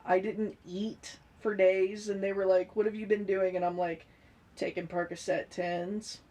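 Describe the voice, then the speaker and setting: A woman in casual chat, telling stories in an animated, profane way. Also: mid-range voice, measured pace, rough recording.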